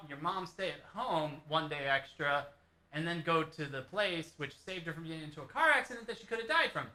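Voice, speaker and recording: A man's voice: a little high, pushed and bright. Earnest man musing in an echoey room. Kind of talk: reflective monologue. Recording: roomy echo.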